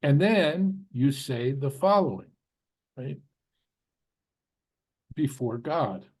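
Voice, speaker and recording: A man's voice: mid-range voice, animated, slow, a little mellow, breathy edge. A man lecturing on a Bible passage, explaining it step by step and often checking in with his listeners by asking "right?". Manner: explanatory, frequent "right?" check-ins, restarts. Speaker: Bible teacher. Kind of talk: lecture on scripture.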